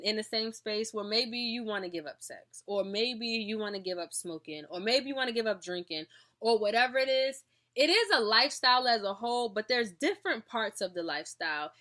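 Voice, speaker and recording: A young woman speaks straight to her viewers in a chatty, earnest video diary, often calling them y'all. Her voice has a bright edge, yet she sounds tired and sleepy. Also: a little high. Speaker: vlogger.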